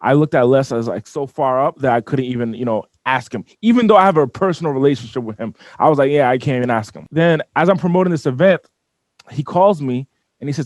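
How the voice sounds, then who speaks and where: A man in a studio interview, telling his story with lots of energy and frequent restarts. His voice sits at an ordinary middle pitch, and the recording is dry and close, with no room sound. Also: fast, no echo. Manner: animated storyteller who repeats and restarts words. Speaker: business owner guest.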